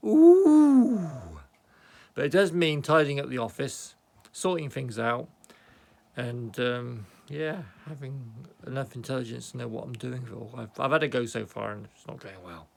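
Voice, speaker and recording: Chatty British man with a gravelly voice. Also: medium pitch, normal speed. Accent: British English. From Britain. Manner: chatty, excitable, self-mocking, often mutters aside. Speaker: hobby miniature painter vlogger. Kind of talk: rambling casual show-and-tell. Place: home office.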